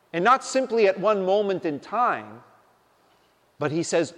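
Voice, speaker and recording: A man preaching a sermon, speaking in a deliberate, emphatic way. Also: high voice, sing-song, fairly bright tone. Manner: slow, deliberate, emphatic delivery. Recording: long reverb of a large hall.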